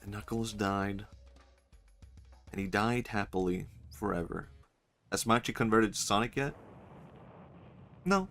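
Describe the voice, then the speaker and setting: A man's voice: on the low side, measured pace, long pauses, fairly bright tone, faint music behind. A young man streaming a video game, rambling and joking, often swearing and laughing at his own bits. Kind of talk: casual gameplay commentary.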